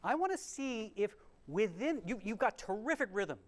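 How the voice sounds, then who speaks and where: A man teaching a remote piano masterclass, encouraging and animated, with quick restarts and sung rhythms. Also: high-pitched. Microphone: remote livestream mic.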